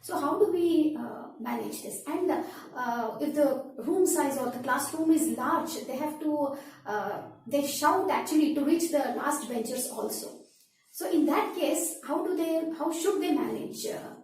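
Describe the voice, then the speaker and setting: A woman's voice: sits high, expressive, measured pace, a little mellow. A woman, an interviewer, putting questions hesitantly with fillers. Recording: very echoey room, distant mic, faint noise.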